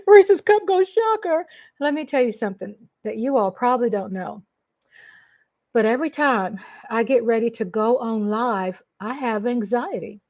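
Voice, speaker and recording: A middle-aged woman from Texas with a Texan accent, hosting a casual livestream and gushing shout-outs to her viewers. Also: a little high, normal speed. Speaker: livestream host.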